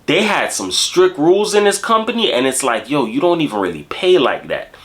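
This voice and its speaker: A man from Jamaica telling a casual story in slangy, animated, streetwise talk. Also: on the high side, brisk. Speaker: host.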